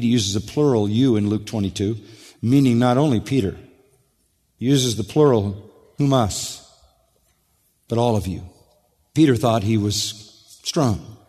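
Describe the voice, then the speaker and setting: A man preaching a sermon, emphatic, slowing down and dropping low and quiet on key words. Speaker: pastor. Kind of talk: expository sermon. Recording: long hall reverb.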